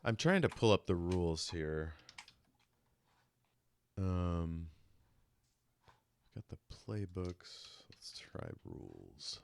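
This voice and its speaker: A man running a tabletop game as game master over a video call, relaxed and quick to laugh. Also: low voice, vocal fry.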